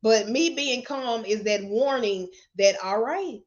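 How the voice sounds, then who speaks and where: Unfiltered motivational lady cussing and laughing on a live, kinda high voice, muffled stream sound. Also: slow pace. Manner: blunt, profane, laughs often. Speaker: motivational speaker. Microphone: webcam or phone camera.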